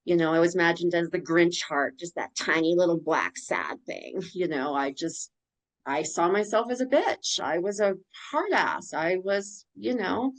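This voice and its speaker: A woman's voice: on the low side, moderate pace, hardly any pauses, rough recording. A woman guest on a podcast telling her personal story in a candid, emotional way, blunt and swearing now and then.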